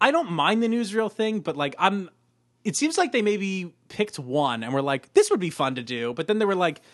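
A man's voice: sits high, big pitch swings, normal speed, fairly bright tone, no room sound, studio quality. A man co-hosting a podcast in casual chat, recapping an episode and acting out quotes in put-on voices, laughing often.

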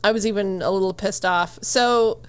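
Woman, podcast co-host, casual book chat, animated retelling, mid pitch. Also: moderate pace, smooth. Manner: animated retelling, acting out characters' lines, frequent swearing and laughter.

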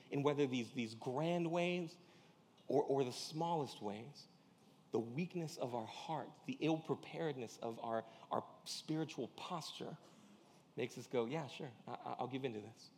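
A man's voice: medium pitch, a little mellow. A man preaching a sermon as pastor, in a casual slangy way, often acting out quoted dialogue. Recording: church hall reverb.

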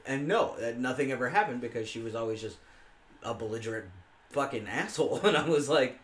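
A man's voice: mid-range voice, fast, echoey room. A young man telling crude, profane stories in a casual chat among friends. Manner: crude storytelling, heavy swearing.

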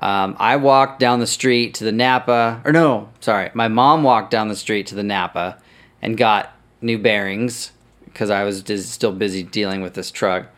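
Podcast host, male, somewhat low voice, loose rambling storyteller who curses and backtracks. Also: steady tone, moderate pace, fairly bright tone. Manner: swears freely, rambling and self-correcting. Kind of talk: casual storytelling.

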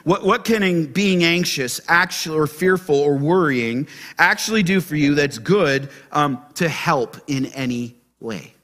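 Guy preaching in church, bright voice, fired up, keeps asking the room questions. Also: fairly high pitch, unhurried. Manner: animated, asks the congregation questions. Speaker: pastor. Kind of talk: sermon.

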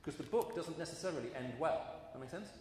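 A man's voice: a little high, lively intonation, fairly quick, darkish tone, slight background noise. A man giving a sermon, earnest and storytelling, with emphatic rises in his voice, recorded in a large hall. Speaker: preacher. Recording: echoey hall with long reverb.

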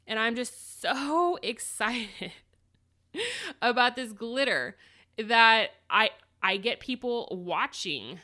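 Bright-voiced woman telling her story. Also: a little high. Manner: animated, lively retelling with acted quotes. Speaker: small business owner. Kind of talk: casual personal storytelling.

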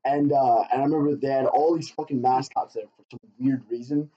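A man's voice: medium pitch, fairly even intonation, a little fast. A man co-hosting a podcast in casual chat, profane and ranting, laughing often. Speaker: podcast co-host. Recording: dull lo-fi sound.

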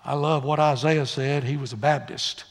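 Preacher, male, high gravelly voice, folksy delivery, church hall reverb. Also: steady tone, normal speed. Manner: folksy, swings from quiet asides to loud exhortation. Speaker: pastor. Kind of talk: sermon. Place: church sanctuary.

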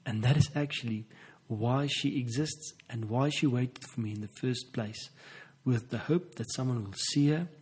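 A man speaking as a couples therapist in a reflective motivational talk, with slow, earnest and emphatic phrasing. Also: mid-range voice, a little mellow, slightly rough, rough recording.

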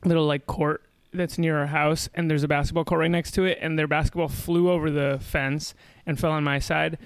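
High gravelly young man chatting. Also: flat delivery, brisk, no room sound. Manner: laughing, storytelling. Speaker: podcast co-host. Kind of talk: casual chat.

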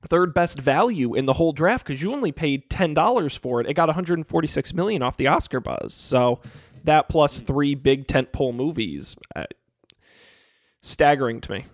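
A man co-hosting a casual podcast, his pitch swinging widely as he talks. His voice sits a little high for a man, and the sound is dry and close to the mic, with no room around it. He keeps a playfully sarcastic edge. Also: lively intonation, normal speed, no echo. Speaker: podcast co-host.

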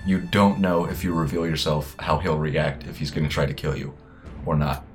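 A man with a very low voice runs a tabletop game as game master. He explains the rules and describes what happens. Faint music plays underneath. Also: fairly even intonation, normal speed. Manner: explains rules with many fillers and restarts.

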